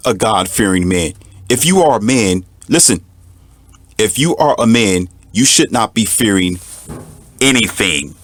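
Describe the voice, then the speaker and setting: Preachy man with a low, dry voice. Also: expressive, normal speed, long pauses, dry recording. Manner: preachy, emphatic, repeats for effect; mocks others in a high mincing voice. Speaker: commentator. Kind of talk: monologue to the camera.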